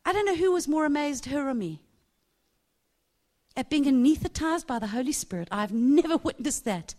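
A woman's voice: high voice, animated, moderate pace, a little mellow. A woman preaching a sermon, telling a personal story animatedly and laughing often.

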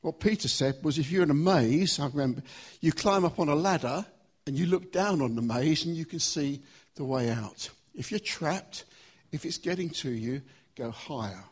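A man preaching a sermon in a church, emphatic, slowing down to stress key phrases. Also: a little high, lively intonation, breathy edge. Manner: emphatic, varied pace with slow stressed phrases.

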